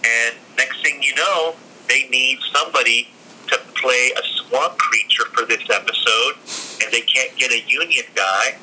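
A man in a casual interview, telling stories in a lively, chatty way with lots of fillers. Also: medium pitch, normal speed, rough recording. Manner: animated, acts out other people's lines. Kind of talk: casual storytelling.

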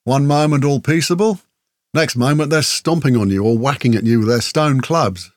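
A man's voice: mid-range voice, normal speed, no echo, natural voice. Man doing tired blunt orc guy, mid voice, dry close audiobook read. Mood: plain. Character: weary travelling male orc on a mission. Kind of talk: audiobook character voice.

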